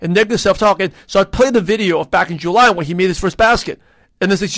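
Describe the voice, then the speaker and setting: A man's voice: sits high, fast talker, a bit bright, no echo. A man in his thirties hosting a casual solo podcast, chatty and rambling, with many restarts and fillers. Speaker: podcast host.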